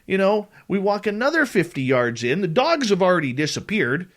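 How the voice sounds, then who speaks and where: A middle-aged man hosting a talk radio show, spinning a story out loud. His pitch swings up and down as he acts out each line of dialogue. He keeps it casual and dramatic throughout. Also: normal speed, hardly any pauses. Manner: animated, dramatic retelling with quoted dialogue. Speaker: radio show host telling a personal story.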